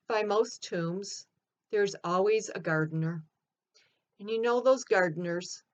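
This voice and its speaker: A woman takes on Mary Magdalene, recounting events in an earnest, expressive way and building to emphatic outbursts. She speaks slowly at a middling pitch. The recording sounds dull and lo-fi. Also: lightly acted. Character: earnest adult Mary Magdalene retelling her story. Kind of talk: first-person dramatic monologue.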